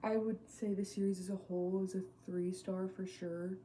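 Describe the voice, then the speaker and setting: A woman's voice: mid-range voice, flat delivery, moderate pace, dark tone, slight background noise. A young woman vlogging casually about a book she is reading, blunt and swearing freely, with trailing, hesitant asides. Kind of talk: casual chat to camera.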